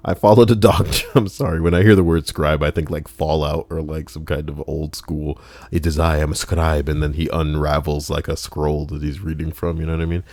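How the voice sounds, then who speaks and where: A low-pitched man reads online stories aloud on a home stream and breaks off for wry, joking asides to his chat. His voice sounds dry and close, with little room in it. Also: little pitch movement, brisk, hardly any pauses, darkish tone, no echo. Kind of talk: casual reading with chat asides.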